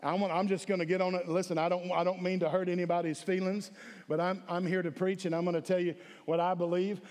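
Man, pastor, high voice, emphatic sermon delivery, reverberant church sanctuary. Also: level tone, fast, darkish tone. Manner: emphatic, calls for audience response. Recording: echoey hall with long reverb.

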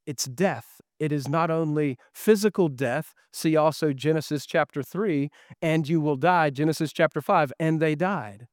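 A man's voice: a little high, a little slow, hardly any pauses, no echo, studio quality. A middle-aged man preaching a sermon as pastor, earnest and full of rhetorical questions.

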